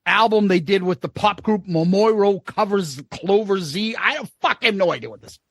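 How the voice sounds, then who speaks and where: A man's voice: sits high, moderate pace, vocal fry, a bit bright, no room sound. A man co-hosting a podcast in casual chat, blunt and profane, laughing often. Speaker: podcast co-host.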